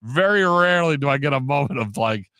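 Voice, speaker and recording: A man, a sports broadcaster on a podcast, telling stories in an animated way and acting out the quotes. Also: mid-range voice, a little fast, smooth, no echo, clean studio sound. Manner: animated storyteller, acts out quotes, laughs often. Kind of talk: casual storytelling in an interview.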